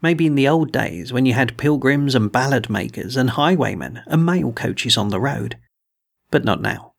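A man's voice: mid-range voice, vocal fry, slightly rough. A man voicing a young male innkeeper who dreams of writing books, speaking in an earnest, eager way.

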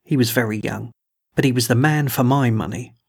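A man narrating a novel in an audiobook with a measured storytelling delivery. His voice is gravelly, with a husky edge, at a middle pitch.

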